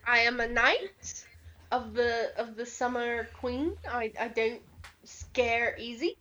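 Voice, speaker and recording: Woman voicing a tiny, prideful fey knight; a little high, flustered, slow to get his words out. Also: steady tone, pushed and bright, dull audio, slight background noise. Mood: proud. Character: tiny proud male fey knight, easily startled.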